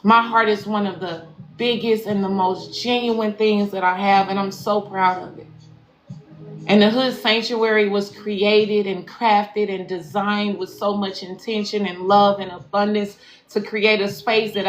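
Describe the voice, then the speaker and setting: A woman spiritual life coach closing a live stream, slangy, affirming and profane, repeating phrases for emphasis. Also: medium pitch. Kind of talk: live-stream sign-off to followers. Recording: echoey room with faint background noise.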